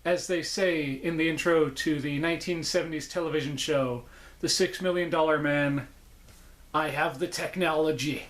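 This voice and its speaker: A man's voice: on the high side, fairly even intonation, normal speed, a bit bright. A man hosting a casual unboxing vlog as a puppet collector, enthusiastic and rambling, often correcting himself. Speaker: puppet collector, channel host.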